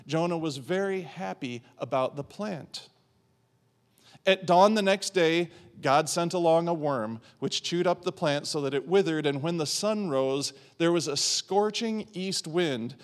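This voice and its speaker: A male pastor delivers a sermon in a fairly high voice. He tells the story with animated energy, dropping in playful asides and acting out the characters' lines.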